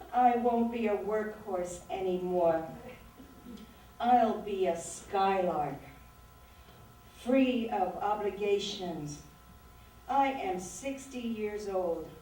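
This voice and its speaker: A woman author reading her own prose aloud at a literary event, in a measured, lyrical way. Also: medium pitch, dark tone, slight background noise. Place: event room at a writers' center. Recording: very echoey room, mic far off.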